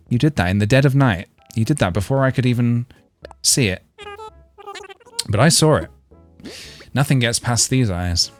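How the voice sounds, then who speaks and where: A man's voice: medium pitch, animated, normal speed, pauses often, dry recording, soft background music. A man streaming a video game, chatting playfully and joking with his viewers. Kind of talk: casual gaming livestream chat.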